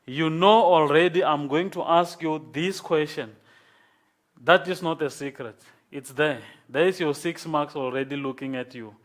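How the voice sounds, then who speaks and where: A man lecturing a class, explaining slowly and patiently and checking in with "okay?". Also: a little high.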